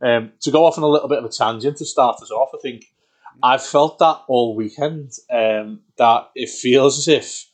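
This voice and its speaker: A man co-hosting a casual football podcast, talking in a rambling, excitable way with many restarts. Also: mid-range voice, normal speed, husky. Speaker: podcast co-host.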